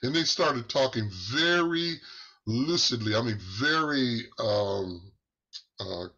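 A man telling a church testimony in a halting, unhurried way, pausing and restarting, his voice climbing as the story excites him. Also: medium pitch. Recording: muffled lo-fi recording.

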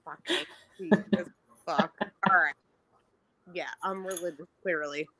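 A woman's voice: on the low side, unhurried, sharp tone. A young adult woman co-hosting a podcast in casual chat over a remote call, blunt and self-mocking, swearing freely. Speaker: podcast co-host.

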